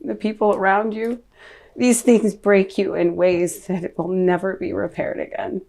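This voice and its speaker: A middle-aged woman talks as a guest on an interview podcast and tells a painful memory in a raw, earnest voice. Her voice sits mid-range and carries a gravelly fry. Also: medium pitch, level tone, moderate pace, mellow. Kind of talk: personal storytelling in an interview.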